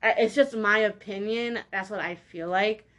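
A woman's voice: medium pitch, steady tone, moderate pace, a bit bright. A young woman hosting a solo podcast, ranting bluntly and heatedly in a slangy way, repeating her points for emphasis. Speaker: podcast host. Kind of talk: opinionated solo podcast rant.

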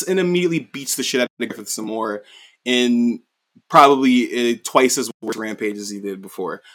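Recapping an anime plot, this male host has a mid-range, slightly bright voice. His telling is loose and rambling, laced with profanity and plenty of fillers.

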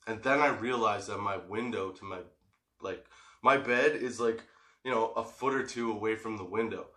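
A man's voice: fairly low pitch, normal speed, bright, forceful tone. A middle-aged man and father telling a story in a casual vlog, rambling, swearing freely and laughing as he goes. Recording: echoey room.

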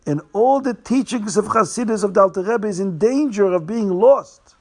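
A man voicing a grieving old male sage who pleads through tears, his voice rising and growing louder. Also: sits high, animated, normal speed, pitched above the performer's own voice. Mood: tearful pleading.

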